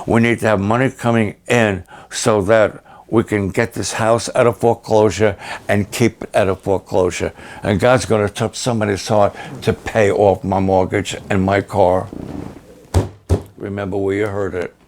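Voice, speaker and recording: A man's voice: lowish voice, a little mellow. An older man, a pastor, delivering a fundraising sermon with an emphatic, urgent, pleading delivery.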